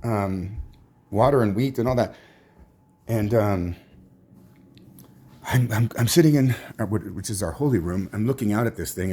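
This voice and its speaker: A man telling a personal religious testimony in a rambling, halting way, full of restarts and trailing asides. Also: on the low side, warm tone, breathy edge. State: tired, emotionally drained. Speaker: religious teacher.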